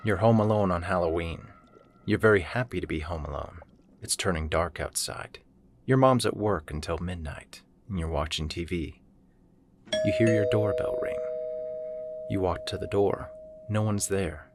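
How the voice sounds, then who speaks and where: A man reads a short horror story aloud, telling it in a plain second-person voice. His pitch sits very low. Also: normal speed, noisy background. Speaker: narrator.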